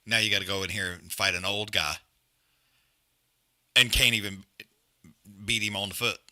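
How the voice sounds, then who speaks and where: A man's voice: on the low side, steady tone, normal speed, bright, forceful tone. A man hosting a live fight watch-along, trash-talking fighters in blunt, profane casual chat. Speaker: live stream host.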